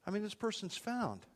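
A man's voice: sits high, in a large hall. A man preaching a sermon, retelling a parable in plain everyday words and voicing its characters. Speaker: pastor.

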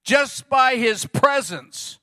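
A middle-aged man preaches from the pulpit in a high, bright, forceful voice. He tells stories in a lively way and acts out the people he quotes. The sound is dry and close, with no room around it. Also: slow pace, no echo. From Arizona. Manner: storytelling, animated retelling with quoted voices. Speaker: pastor. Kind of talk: sermon.

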